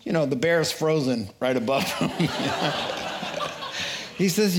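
A man preaching a sermon, telling a joke and acting out the characters in quotes with an animated delivery. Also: on the high side, a little slow, pauses often.

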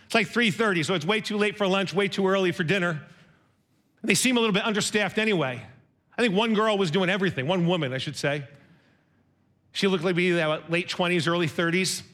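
A man's voice: high-pitched, brisk, a bit bright. A middle-aged man preaching a sermon, telling a personal story in a conversational, self-deprecating way with quoted dialogue.

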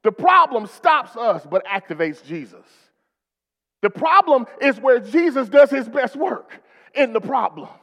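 A man's voice: very high-pitched, sing-song, unhurried, fairly bright tone, long reverb tail. A male pastor preaching a rousing sermon in a church, calling for responses from the congregation.

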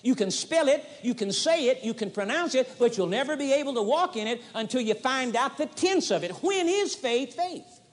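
A man's voice: very high-pitched, animated, normal speed. A man preaching a sermon with emphasis, driving points home by repeating short phrases. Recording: long hall reverb, 1980s audio tape.

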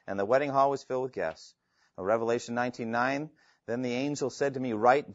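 A man lectures a class on evangelism, often pausing to read Bible verses aloud with rising emphasis. His voice sits at a middle pitch and sounds dry and close, with a slightly muffled, lo-fi quality. He turns to the class with questions now and then. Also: no echo. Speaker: evangelism instructor. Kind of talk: classroom lecture with scripture reading.

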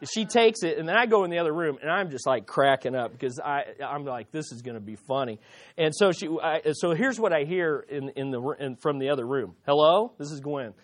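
Storytelling pastor, stumbling and repeating. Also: male voice, fairly high pitch, lively intonation. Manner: slows down to stress key lines. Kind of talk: sermon with personal anecdote.

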